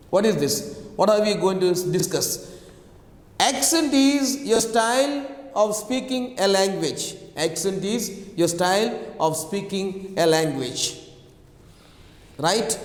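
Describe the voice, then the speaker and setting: A man with an Indian English accent teaching an online class, repeating each point and checking in with "right?" and "okay?". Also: high-pitched. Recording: echoey room with long reverb.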